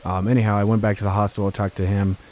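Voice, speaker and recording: A man's voice: on the low side, flat delivery, quick pace, darkish tone, a little hiss or hum. A man casually recounting his travels as a vlogger, rambling with fillers and restarts. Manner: rambling, laid-back, many fillers and restarts.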